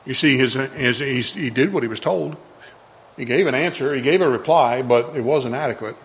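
A man's voice: medium pitch, normal speed, muffled recording. A man preaching a sermon to a congregation in an earnest, conversational way, often repeating himself.

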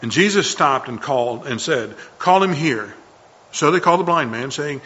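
Earnest man preaching, bright voice. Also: mid-range voice, expressive, moderate pace, lo-fi sound. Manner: earnest, conversational, often restarts and repeats lines. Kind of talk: sermon.

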